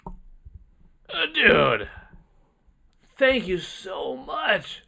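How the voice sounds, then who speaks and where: Excitable male streamer with lively pitch. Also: very slow, vocal fry, slightly rough. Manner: excitable, exclaiming, rambling. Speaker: livestream host. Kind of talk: casual livestream chat, reading donations.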